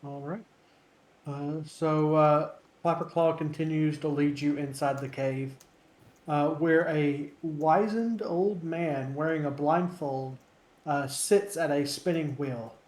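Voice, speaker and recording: A man narrating a tabletop game as dungeon master, slow and full of hesitant fillers. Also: on the high side, fairly even intonation, darkish tone, roomy sound.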